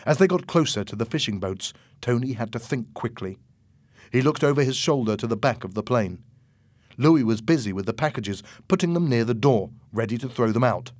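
A man reads a storybook chapter aloud in slow, measured narration. His pitch sits in an ordinary middle range. The recording is dry and close, with no room sound. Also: animated, a little mellow, no echo. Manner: slow, measured, clear reading. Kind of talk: scripted audiobook narration.

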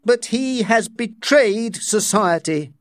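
A man's voice: sits high, lively intonation, slow pace, dry recording, clean studio sound, pitched above the performer's own voice. A man reading aloud voices a stern official who makes formal, accusing announcements in a raised voice. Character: stern male official, cold and commanding.

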